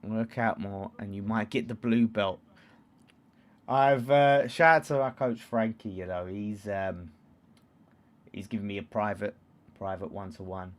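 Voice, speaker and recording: A man in his thirties with an East London accent, hosting a football watchalong in casual chat, reading out comments and erupting into loud shouts at chances. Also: fairly low pitch, a little slow. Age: 30s. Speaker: livestream host.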